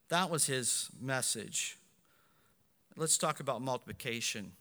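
A man, a pastor, preaching a sermon with animated delivery, swinging between loud and hushed passages. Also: medium pitch, a little slow, long pauses, in a large hall.

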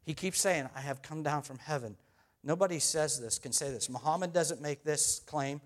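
A male preacher with a high voice delivers a sermon. He reads scripture aloud and hammers home his points by repeating key phrases with emphasis. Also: normal speed.

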